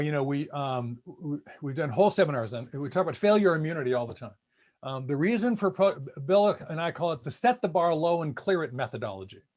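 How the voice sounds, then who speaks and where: A man presenting at a speaker series over a video call, talking in animated bursts with frequent restarts. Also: on the high side. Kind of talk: casual panel talk.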